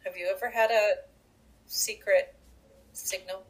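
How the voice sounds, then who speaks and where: A woman co-hosting a casual podcast, her voice sitting at an ordinary middle pitch. She chats freely and tells stories with animated asides. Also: measured pace, rough recording. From Canada. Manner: chatty, animated storytelling with asides. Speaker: podcast co-host. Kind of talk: casual chat.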